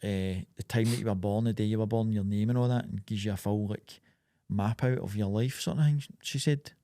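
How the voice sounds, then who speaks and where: A man's voice: lowish voice, steady tone, brisk, mellow, dry recording, studio quality. A young adult Scottish man co-hosting a podcast, rambling through sweary, laughing banter. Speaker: podcast co-host. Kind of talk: casual chat.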